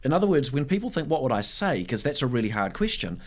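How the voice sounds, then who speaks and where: A man's voice: mid-range voice, very animated, fast. Earnest New man explaining his views. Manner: earnest teaching tone, repeats words when thinking. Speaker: evangelism ministry guest. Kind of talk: conversational interview answers.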